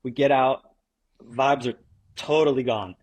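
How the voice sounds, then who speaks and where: A man's voice: medium pitch, measured pace, darkish tone. A young man, a guest, telling a story in a laid-back way, saying dude and like constantly. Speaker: guest skateboarder. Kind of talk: casual storytelling.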